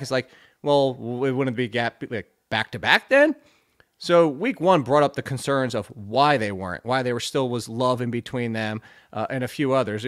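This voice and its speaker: A man in casual podcast chat, ranting in a fired-up way and tripping over his words. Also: medium pitch. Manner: fired-up ranting, tongue-tied, laughing at himself. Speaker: fantasy football analyst.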